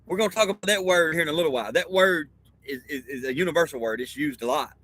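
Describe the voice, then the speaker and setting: A man's voice: fairly high pitch, fast talker, a bit bright, slightly rough, dry recording, low-quality recording. A man in a rambling, profane monologue, reading a document aloud and explaining it in a conspiratorial way, with okay after nearly every line. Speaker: self-styled teacher.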